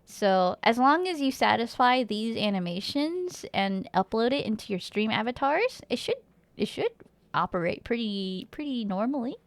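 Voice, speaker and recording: A woman's voice: on the high side, expressive, moderate pace, no echo. A woman streamer chatting casually with her viewers in a rambling, giggly way, reading chat aloud and humming now and then.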